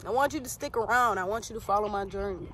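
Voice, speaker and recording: A woman's voice: medium pitch, fast, a bit bright. A young woman vlogging outdoors in nature, chatting playfully and straight to her viewers. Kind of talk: casual chat to camera. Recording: outdoor camera audio with clear background noise.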